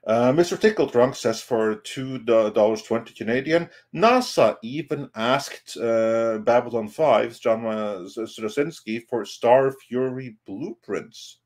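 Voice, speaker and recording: Relaxed man with a Norwegian accent. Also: mid-range voice, slow pace, hardly any pauses. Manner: relaxed, hesitant, filler-heavy. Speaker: podcast panelist. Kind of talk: casual live-stream chat.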